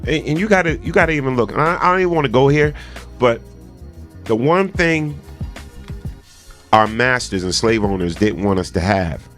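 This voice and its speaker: A man's voice: medium pitch, expressive, normal speed, long pauses, fairly bright tone, faint music behind. A man hosting a call-in show, making his points emphatically and taking callers. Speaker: host. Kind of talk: call-in radio talk.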